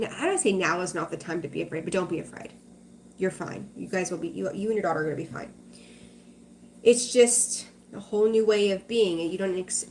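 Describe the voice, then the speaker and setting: A woman's voice: fairly low pitch, slight background noise. A woman hosting a tarot livestream, chatting casually with viewers, reassuring them and greeting them by name.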